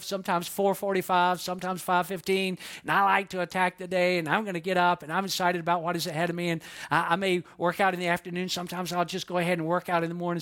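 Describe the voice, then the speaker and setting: Middle-aged male pastor, lively sermon delivery with acted-out quotes, voice sits high. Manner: animated, acts out quoted voices, repeats words for emphasis.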